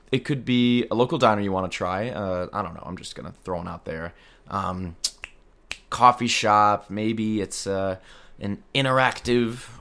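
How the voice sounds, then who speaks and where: Deadpan low-voiced young man hosting. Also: clear, resonant tone. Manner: deadpan, self-deprecating. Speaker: podcast host. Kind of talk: scripted comedic monologue.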